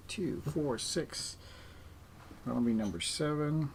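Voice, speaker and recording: A man chatting casually to his stream while assembling miniatures, talking to himself in a chatty, self-mocking way and now and then slipping into high sing-song baby talk. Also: expressive, normal speed, a bit bright, a little hiss or hum. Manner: chatty, self-deprecating, talks to himself as he works. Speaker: hobby streamer.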